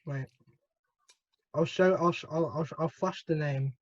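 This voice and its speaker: A man's voice: on the high side, fairly even intonation, unhurried, no echo, muffled recording. A teenage boy from the UK hosting a casual podcast over a video call, laughing often, his voice cracking upward now and then. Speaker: podcast host.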